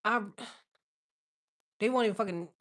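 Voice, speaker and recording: Profane, animated woman telling stories. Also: a little high, slow. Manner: loud, profane, animated storytelling with frequent laughs. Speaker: tarot reader. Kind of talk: casual livestream chat.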